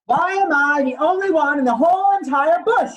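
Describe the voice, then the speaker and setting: A man's voice: very high voice, normal speed, fairly bright tone, lo-fi sound, pitched above the performer's own voice. Guy doing a cranky koala sick of being called a bear, ranting in rhyme with slang. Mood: exasperated. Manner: indignant rhyming rant with casual slang.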